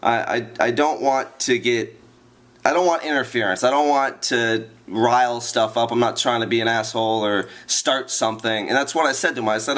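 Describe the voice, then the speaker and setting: Man, vlogger, exasperated rant, rambling delivery, average pitch. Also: moderate pace, a bit bright. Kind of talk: ranting vlog.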